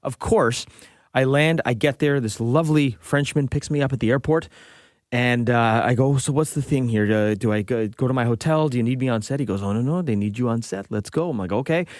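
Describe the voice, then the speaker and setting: A man in his forties, co-hosting a podcast and telling a long anecdote in a relaxed, chatty way, acting out the dialogue as he goes. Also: medium pitch, fairly quick, no room sound, clean studio sound. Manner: lively storyteller acting out quoted dialogue. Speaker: podcast co-host. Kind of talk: casual anecdotal storytelling.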